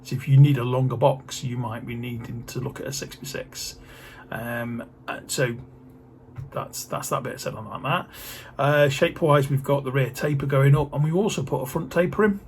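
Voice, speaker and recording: A man's voice: medium pitch, steady tone, normal speed, a little mellow, a little hiss or hum. Rambling, jokey man vlogging. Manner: rambling, jokey, many fillers. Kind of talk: casual vlog chat.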